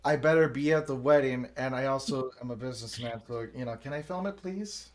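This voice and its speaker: A man's voice: mid-range voice, fast talker. A man on a casual podcast, telling a story with lots of swearing and acting out the quotes himself. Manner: animated storyteller, acts out quotes, swears freely. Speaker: podcast host.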